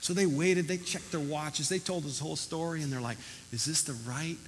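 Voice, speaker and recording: A man's voice: on the high side, fairly quick, a little hiss or hum. Emphatic preaching man in a reverberant hall. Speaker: pastor. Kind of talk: sermon. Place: church hall.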